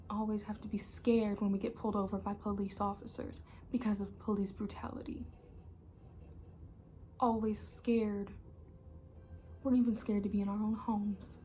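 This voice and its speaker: Angry young woman, hushed intense repetition. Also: mid-range voice. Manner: angry and emphatic, repeating phrases, often dropping to an intense hushed voice. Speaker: channel host. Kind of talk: impassioned personal monologue.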